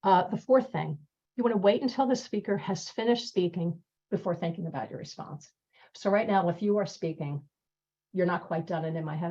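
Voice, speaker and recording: A woman giving a webinar talk on listening skills over a video call, lively and quick to laugh as she acts out example lines. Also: on the low side. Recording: muffled video call audio.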